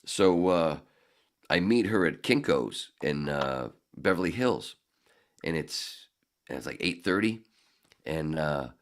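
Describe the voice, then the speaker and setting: Guest, male, low-voiced raconteur, swearing freely, pitch swinging a lot as he tells stories. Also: takes it slowly. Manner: animated, profane, laughs through his anecdotes. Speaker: podcast guest. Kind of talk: casual storytelling.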